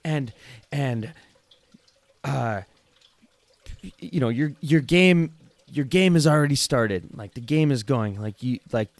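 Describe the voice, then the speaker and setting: A man's voice: medium pitch, lively intonation, slow pace, long pauses, no echo. A man co-hosting a podcast in casual chat, rambling with many fillers and calling his friend "dude". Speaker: podcast co-host.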